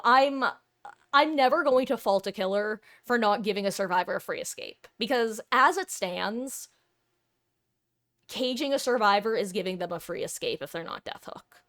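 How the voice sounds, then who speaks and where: A woman's voice: mid-range voice, a bit bright. A woman streaming a video game live, giving casual, rambling, self-deprecating commentary as she plays.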